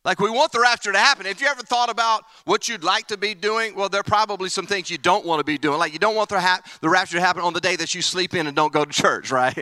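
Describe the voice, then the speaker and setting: A male preacher with a high, bright voice delivers a lively camp sermon, calling out to his listeners one moment and dropping to a hushed, earnest tone the next. The sound is close and dry, with little room in it. His delivery is playful and animated. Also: quick pace, no echo. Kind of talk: energetic sermon. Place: camp meeting.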